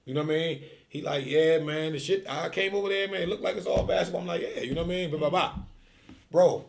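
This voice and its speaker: A man telling a story in casual chat, animated and full of slang, acting out quotes. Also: fast, vocal fry. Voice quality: heavy profanity and slang. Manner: animated storyteller, acts out quotes with rising pitch. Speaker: streetball tour organizer.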